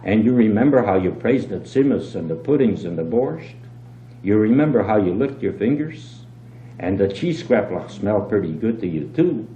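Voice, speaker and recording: A man reading aloud and voicing a shrewd, calm innkeeper who talks with wheedling mock innocence. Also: on the low side, normal speed, close to an everyday voice. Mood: coaxing. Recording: dull, roomy old home tape with hum.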